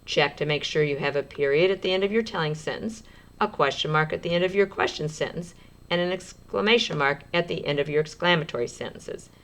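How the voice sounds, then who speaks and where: A woman with a low voice teaches young children a writing lesson. She sounds out words slowly as she writes them, gently encouraging the class.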